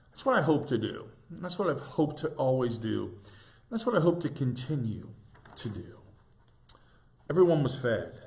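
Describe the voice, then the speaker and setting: A man in his sixties, a pastor, giving an informal devotional reflection in a tender, halting way with gentle restarts. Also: a little high.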